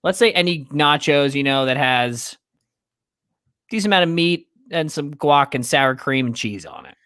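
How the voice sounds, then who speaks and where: A man's voice: fairly high pitch, lively intonation, normal speed, bright, forceful tone, clear, resonant tone. A young man co-hosting a casual podcast, chatting and laughing easily while ranking party foods. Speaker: podcast co-host.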